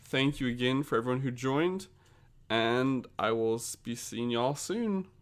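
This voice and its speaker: A man's voice: mid-range voice, lively intonation, a little slow, clear, resonant tone. A young man hosting a casual comedic chat, rambling and giggling, with frequent restarts. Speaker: host.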